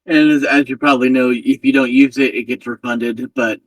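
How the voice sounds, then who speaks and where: A man playing in a tabletop game, talking in a jokey, relaxed way at a middle pitch. He sits some distance from the mic in a dry room. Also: fairly quick, no echo. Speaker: player.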